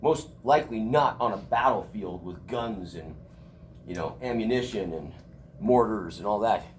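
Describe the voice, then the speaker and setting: A man's voice: fairly low pitch, lively intonation, moderate pace, a little hiss or hum. A middle-aged man teaching a college class in a casual, joking storytelling manner. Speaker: college instructor.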